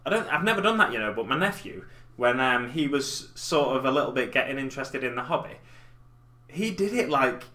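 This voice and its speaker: A man in his thirties hosts a live stream while painting miniatures, chatting and rambling into a desk mic set in front of his keyboard. He's self-deprecating and chatty, with a mid-range voice that sounds animated, pushed and bright, and he talks a little fast.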